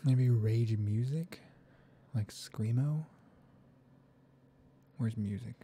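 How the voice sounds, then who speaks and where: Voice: mid-range voice, extremely slow, dark tone, a little hiss or hum. A gaming video creator thinks aloud while playing, rambling and often sliding into half-whispered muttering. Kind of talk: soft-spoken gaming commentary.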